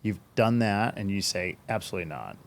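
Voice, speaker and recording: A man hosting an interview, giving short affirmations and asking relaxed follow-up questions. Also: on the low side, a little fast, creaky. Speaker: podcast host. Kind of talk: casual interview.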